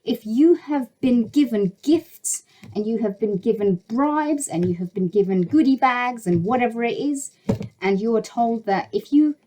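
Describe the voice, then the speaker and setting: A woman's voice: fairly high pitch, mellow, low-quality recording. Exasperated woman ranting bluntly to camera. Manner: exasperated, blunt, swears freely. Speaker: YouTuber. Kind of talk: heated opinion rant to camera.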